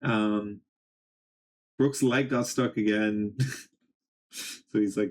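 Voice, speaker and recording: A man's voice: lowish voice, fairly even intonation, a little mellow. Casual man reading a comic aloud. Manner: reads quoted dialogue in his plain voice, casual and halting. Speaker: streamer.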